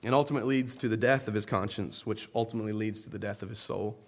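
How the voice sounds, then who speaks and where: A man preaching an earnest sermon, moving between soft, low asides and loud, emphatic stresses. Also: steady tone, quick pace. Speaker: pastor.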